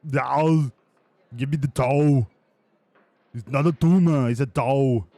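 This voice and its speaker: A man doing an impression of a whiny, demanding young male racing driver who insists loudly. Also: mid-range voice, slow pace, no room sound. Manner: petulant, insistent, loud.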